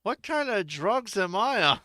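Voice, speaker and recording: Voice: medium pitch, sing-song, a little slow, sharp tone. A streamer giving crude, joking gameplay commentary, often laughing between remarks.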